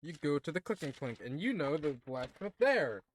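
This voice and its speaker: A man's voice: fairly high pitch, sing-song, normal speed, slight background noise. A man narrating a tabletop game as game master, often hesitating with ums.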